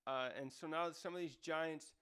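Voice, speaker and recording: Man reviewer, casual rambling commentary, slightly high, smooth clear voice. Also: fairly even intonation, moderate pace, fairly bright tone. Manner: rambling, self-correcting. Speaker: manga reviewer.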